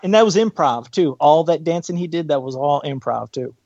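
A man's voice: fairly high pitch, expressive, brisk, darkish tone, dry recording, dull audio. A man co-hosting a podcast in casual chat, upbeat and easily amused. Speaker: podcast co-host.

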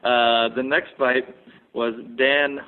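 A man recapping fights in a loose, chatty podcast, breaking into laughter and putting on brief joking voices for the people he talks about. His voice sits at an ordinary pitch for a man. The audio is thin and tinny, like a phone line. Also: little pitch movement. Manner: laughs often, does quick mock impressions. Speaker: podcast co-host. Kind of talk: casual fight recap chat.

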